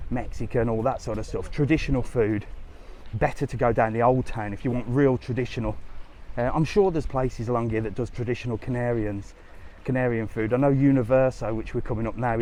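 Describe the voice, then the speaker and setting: A man's voice: medium pitch, darkish tone. A man walking a resort strip, chatting to viewers in a live vlog and answering their questions. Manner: chatty, cheeky, answers comments on the go. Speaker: travel vlogger. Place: outdoor tourist strip by the sea. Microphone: handheld camera while walking. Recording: light street noise outdoors.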